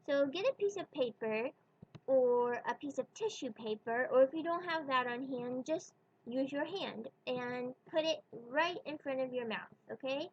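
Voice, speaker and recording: A woman's voice: sits high, unhurried, slightly rough, muffled recording. A woman teaching pronunciation in a video lesson, patiently demonstrating sounds one by one. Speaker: Spanish teacher.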